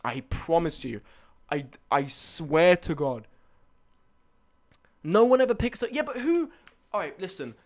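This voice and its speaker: A man's voice: a little high, expressive, measured pace, pauses often. A young man telling a night-out story on a live stream, swearing and arguing back at his chat. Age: young adult.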